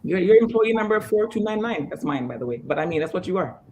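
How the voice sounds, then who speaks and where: A woman with a lowish, animated voice speaks as a fitness trainer guesting on an interview over a video call, with noise in the background. She's emphatic and motivational, restarting her sentences quickly.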